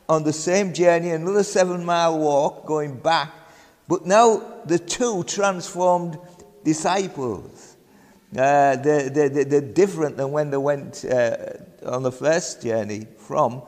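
A man from England with a Yorkshire accent preaching a sermon in a church, halting and full of ums and repeated words. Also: a little high, darkish tone. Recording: long hall reverb.

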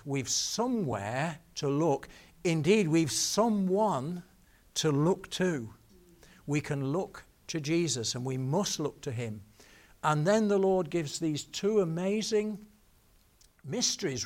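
A man preaching a sermon, telling stories and slowing down to stress key words. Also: mid-range voice.

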